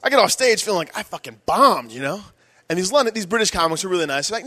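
A fast-talking young man on a comedy club stage, rambling through a crude, self-mocking set. His voice sits a bit high for a man and tumbles quickly from one aside to the next. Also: very animated, pushed and bright, no room sound. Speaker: stand-up comedian.

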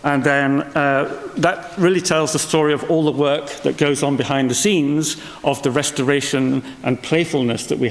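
A man whose first language is English stands on a stage and gives an informal, chatty welcome, with small self-mocking asides. He speaks at an ordinary pitch. His voice rings with a long reverb in the large hall. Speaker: museum director giving a welcome. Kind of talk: welcome speech at a conference.

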